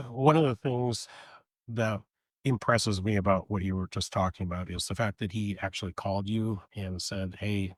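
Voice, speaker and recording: A middle-aged man speaking in a measured, thoughtful way in a casual conversation. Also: fairly low pitch, dry recording. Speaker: guest, deputy's father.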